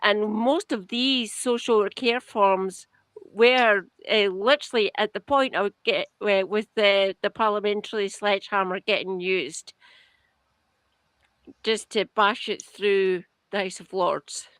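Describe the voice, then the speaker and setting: Sweary sarcastic british woman ranting on a podcast, dry close sound, middle pitch. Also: takes it slowly, clean tone, no room sound. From United Kingdom, outside England. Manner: sarcastic, swears heavily, animated rant. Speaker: podcast co-host. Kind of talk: casual political chat, ranting.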